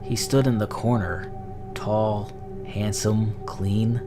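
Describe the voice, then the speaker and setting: Low slow guy reading a creepy story, spooky music going the whole time. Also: little pitch movement. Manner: slow, measured, dramatic. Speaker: horror story narrator. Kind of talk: scripted horror narration.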